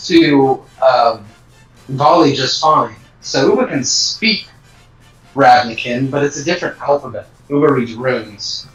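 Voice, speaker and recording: A man playing a tabletop game explains things in quick, casual speech. His voice sits at an ordinary pitch. It is recorded from a distance in an echoey room. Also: a bit bright, muffled recording, soft background music. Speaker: player.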